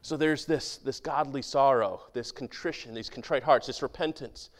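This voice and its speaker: A man preaching a sermon as pastor, talking conversationally and asking his congregation questions, dropping to a hushed voice for quoted prayers and scripture. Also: medium pitch, moderate pace. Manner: drops to a hushed voice when quoting prayers and scripture.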